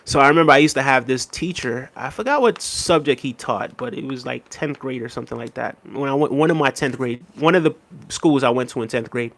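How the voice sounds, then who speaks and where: A relaxed man chatting on a live stream, talking in an easy conversational way. He often checks in with "right?" and speaks at a middle pitch. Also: brisk. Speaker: livestream host reading chat. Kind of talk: casual live-stream talk.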